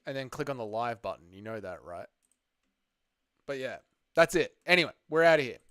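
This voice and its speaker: A man's voice: mid-range voice, lively intonation, a little fast, fairly bright tone, clean tone, no echo, studio quality. A man hosting a casual livestream, chatting loosely with his viewers and swearing freely. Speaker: livestream host.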